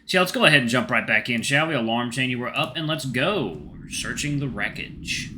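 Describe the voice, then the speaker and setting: A man hosting a gaming channel, reading a game's first-person story aloud in a hushed, tense way. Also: mid-range voice, expressive, fairly quick, a little hiss or hum.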